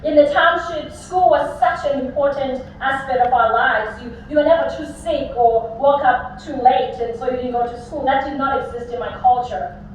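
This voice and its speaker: A woman's voice: sits high, normal speed, slight background noise. A young woman from Africa, giving a commencement speech full of humorous personal stories. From South Africa. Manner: humorous anecdotal storytelling. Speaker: commencement speaker. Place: large graduation venue. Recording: echoey hall, distant mic, dull sound.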